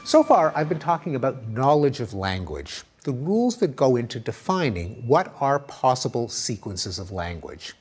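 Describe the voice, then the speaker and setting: Lively, emphatic male lecturer. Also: medium pitch, moderate pace, few pauses, slightly rough, faint music behind. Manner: explanatory, demonstrates sounds aloud. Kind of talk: recorded academic lecture.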